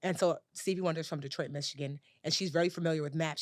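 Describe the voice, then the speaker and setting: A woman being interviewed as a personal finance expert, telling lively stories in casual chat with lots of fillers. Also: deep voice, quick pace, no room sound, studio quality. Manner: animated, lively storyteller with many "like"s.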